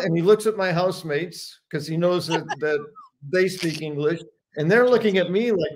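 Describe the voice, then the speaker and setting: A man's voice: high voice, moderate pace, slight background noise. A man telling stories and sharing his thoughts in a casual live chat, laughing often. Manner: reflective storyteller, laughs often.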